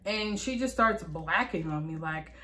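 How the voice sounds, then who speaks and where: Lower-pitched young woman venting casually. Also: animated, a little slow, a bit bright. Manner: candid, venting, frequent fillers and profanity. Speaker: vlogger. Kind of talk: casual storytime vlog.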